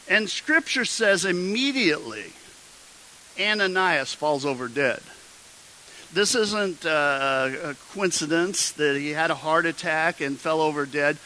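A male pastor delivers a sermon as animated storytelling, slipping in jokes and playing out each quoted line. His voice sits a little high and rings bright and forceful. A faint hiss runs under the recording. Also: a little slow, rough recording.

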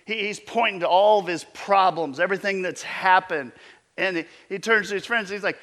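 A middle-aged man preaching a sermon in an animated, emphatic way, often restarting his phrases. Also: high-pitched, normal speed. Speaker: pastor.

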